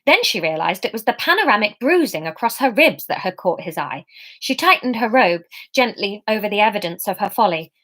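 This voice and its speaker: A woman's voice: mid-range voice, very animated, fairly quick, fairly bright tone. A woman reading her own comic novel aloud, breaking off for playful, chatty asides.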